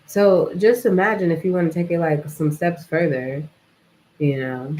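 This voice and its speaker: A woman's voice: on the low side, steady tone, normal speed, mellow, rough recording. A young adult woman talking in a casual, reflective vlog monologue, rambling and filling her speech with "like" and "you know". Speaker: vlogger.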